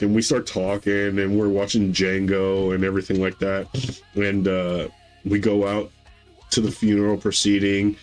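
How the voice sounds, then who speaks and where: A man in his thirties telling a long family story in casual podcast chat, rambling with fillers and acting out quotes in a higher voice. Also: a little mellow, poor audio. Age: 30s. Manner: rambling, acts out quotes with raised pitch. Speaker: podcast co-host.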